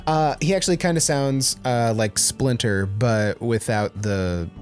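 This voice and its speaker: A man playing in a tabletop game, joking around and quick with asides. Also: medium pitch, faint music behind. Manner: jokey, animated. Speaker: player.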